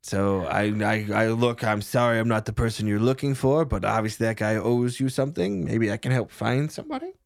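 A man's voice: medium pitch, expressive, a little fast, creaky, few pauses, no echo, studio quality. A man voicing an overly polite, stranded male medic with a cold who rambles and sniffles. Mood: chatty.

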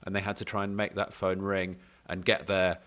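A man's voice: deep voice, completely flat delivery, normal speed, fairly bright tone. A man hosting a casual podcast chat, teasing and chatty, with lots of filler sounds. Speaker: podcast host.

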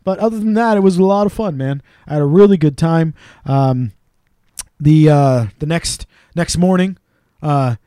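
A podcast co-host tells stories in an easy, animated chat, now and then slipping into quick voices for the people he describes. His voice is fairly high, mellow, and smooth, recorded dry and close with no echo.

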